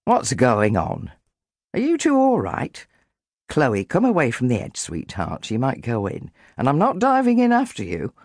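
A woman voicing a kind, worried grandfather in a storybook, gentle and fussing. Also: very deep voice, huge pitch swings, measured pace, dry recording, studio quality, exaggerated voice. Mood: concerned.

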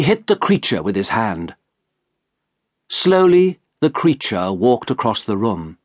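Slow, husky male audiobook narrator. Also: fairly low pitch, big pitch swings, no room sound. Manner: slow, carefully paced reading. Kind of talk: scripted first-person narration.

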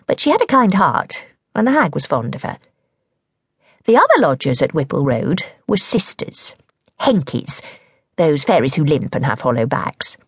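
Lively, husky woman reading a children's story. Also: fairly low pitch, dry recording, studio quality. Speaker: audiobook narrator. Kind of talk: storytelling narration of a children's novel. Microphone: close studio mic.

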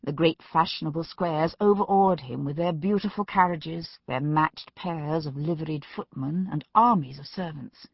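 A woman narrating an audiobook in a measured storytelling manner. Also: sits low, dry recording, highs cut off. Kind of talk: scripted narration.

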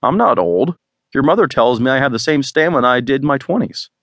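A man's voice: medium pitch, lively intonation, brisk, fairly bright tone, no echo, pitched above the performer's own voice. A male audiobook narrator voicing a teasing, boastful middle-aged father who is a tech expert. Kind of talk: audiobook dialogue.

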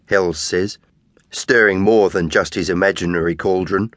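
A man narrating a children's audiobook in a measured, expressive way. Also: sits low, dry recording. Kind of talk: scripted narration.

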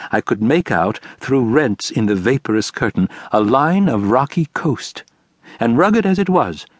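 In scripted audiobook narration, a man reads in a measured, expressive storytelling style. His voice is mid-range, with no room sound.

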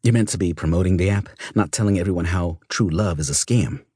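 A man's voice: low voice, brisk, mellow, breathy edge, no room sound. A man voicing a blunt, teasing female personal assistant who talks in a dry, scolding way. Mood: brisk.

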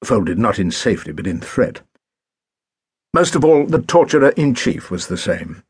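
Low-voiced guy reading an audiobook, a bit husky, wry and measured, dry studio sound. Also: very animated, no room sound. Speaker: audiobook narrator. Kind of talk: scripted audiobook narration. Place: recording studio.

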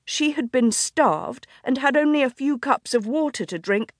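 A woman narrating a historical romance audiobook in a measured, even storytelling manner, close to a studio mic. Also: high voice, no room sound. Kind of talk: scripted narration. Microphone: studio microphone, close.

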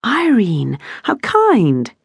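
A woman narrator voicing a warm-hearted young widowed mother of four, speaking in an eager, earnest way, as an audiobook character. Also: medium pitch, wildly swooping pitch, very slow, creaky, husky, no room sound, clean studio sound, pitched above the performer's own voice, exaggerated voice.

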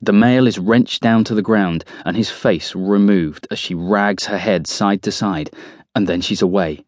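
A man narrating a horror audiobook in the first person, measured and tense. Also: on the low side, darkish tone, no echo, clean studio sound.

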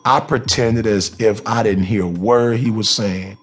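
A man's voice: fairly low pitch, unhurried, soft background music. Emphatic man telling his own story. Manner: emphatic, animated, conversational, with restarts. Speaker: author narrating his memoir. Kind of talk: audiobook storytelling.

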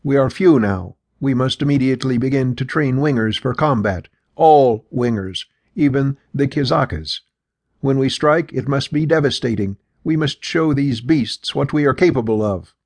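A deliberate, solemn winged tribal chief, read by a man. The voice is low-set, gravelly and a touch husky, with measured, weighty phrasing, recorded dry and close. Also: a little mellow, no echo, natural voice. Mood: commanding.

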